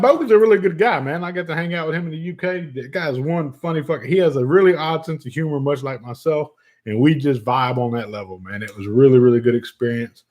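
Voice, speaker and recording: A man's voice: on the high side, a little mellow. A middle-aged man, hosting a casual livestream, reading viewer comments and joking with lots of cursing and laughter. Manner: profane, joking, laughs often. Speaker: vape channel host.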